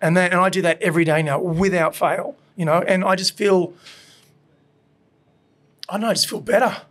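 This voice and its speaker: A man's voice: high-pitched, fairly even intonation, moderate pace, a bit bright. A man, a restaurant owner, talking candidly and frankly as a podcast guest in his restaurant. He swears freely and rambles, with many fillers. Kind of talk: candid casual chat.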